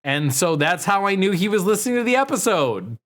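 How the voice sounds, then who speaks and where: A man's voice: high voice, sing-song, a little fast, fairly bright tone. A man co-hosting a comedy podcast, bantering casually, joking and swearing, often trailing off with fillers. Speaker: podcast co-host.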